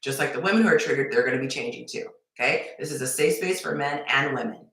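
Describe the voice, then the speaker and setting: A woman dating coach giving advice on a live stream, emphatic and repetitive with sudden excited bursts. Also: rumbling low, quick pace. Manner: emphatic, repeats points, animated bursts. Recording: very echoey room.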